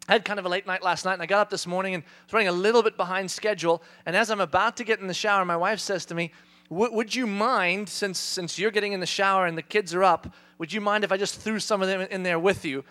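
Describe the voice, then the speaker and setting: Male pastor, thirties, animated self-mocking sermon storyteller; high, bright voice. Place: church.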